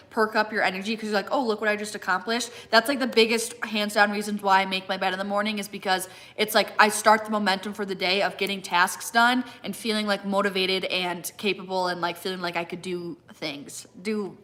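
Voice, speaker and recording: A woman's voice: medium pitch, pushed and bright. A young woman chatting casually on a live stream, reading out viewer comments and using "like" constantly while eating. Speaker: fitness content creator.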